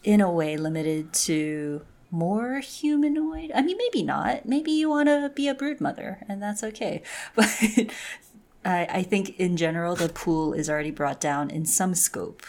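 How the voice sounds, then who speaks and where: A woman with a somewhat low voice co-hosts a casual gaming podcast. She talks in a chatty way and lets her sentences trail off. Her delivery is relaxed and conversational. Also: a little slow. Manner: chatty, laughs between remarks, trails off. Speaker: podcast co-host.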